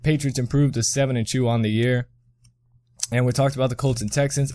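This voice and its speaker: A man's voice: medium pitch, a little mellow, dry recording, studio quality. A young man hosting a casual sports podcast, rambling through scores, correcting himself and chuckling often. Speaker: podcast host.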